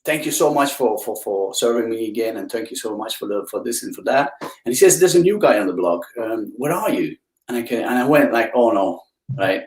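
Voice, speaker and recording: A Belgian guest on a live video interview tells stories as an enthusiastic storyteller, swinging his pitch up in swooping emphasis. His voice is expressive and a little fast, coming through a video call with a roomy sound and rough recording.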